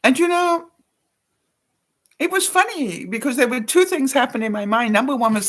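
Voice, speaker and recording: A woman's voice: a little high, expressive, unhurried, fairly bright tone. An older woman from Canada, a vlogger telling a personal story in a chatty way, laughing often and acting out the lines of the people she quotes. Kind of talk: casual storytelling to camera.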